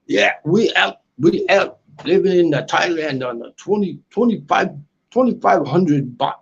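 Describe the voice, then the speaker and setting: A man's voice: sits high, lively intonation, a little slow, gravelly, slightly rough, highs cut off, exaggerated voice. A man faking a smug British boaster. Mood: boastful. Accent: put-on British. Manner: mocking impression, drawled boasts.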